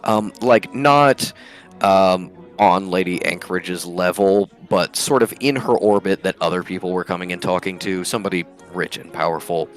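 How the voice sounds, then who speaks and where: Rambling, low-voiced game master man. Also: normal speed, faint music behind. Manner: many fillers, rambling, laughs often. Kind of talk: narrating a tabletop game.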